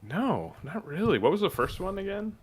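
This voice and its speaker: A man's voice: high-pitched, very animated, moderate pace, breathy edge. A man co-hosting a podcast in casual chat, musing aloud, rambling and laughing easily. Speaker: podcast co-host.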